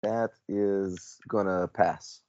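Low-voiced wry man playing a game. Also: fairly even intonation, extremely slow, darkish tone, dry recording. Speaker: player. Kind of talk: casual tabletop play. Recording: dull lo-fi recording.

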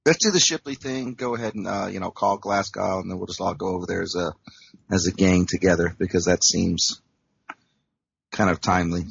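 A man's voice: low-pitched, a little fast, vocal fry, husky. A man at a tabletop game over a call, rambling and hedging with fillers, in lo-fi call audio. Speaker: player.

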